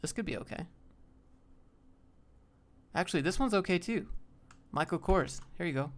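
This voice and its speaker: A man's voice: fairly high pitch, normal speed, long pauses. A young man hosting a casual live stream, thinking aloud as he browses job listings and answers viewers.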